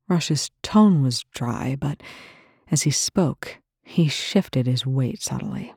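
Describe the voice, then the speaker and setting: Steady storyteller reading a thriller, husky dark voice, dry close sound. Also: mid-range voice, a little slow, dry recording. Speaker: narrator. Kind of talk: scripted narration.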